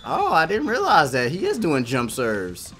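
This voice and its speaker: A man giving excitable, casual reaction commentary while watching an anime, cheering and laughing often. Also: on the high side, normal speed, soft background music.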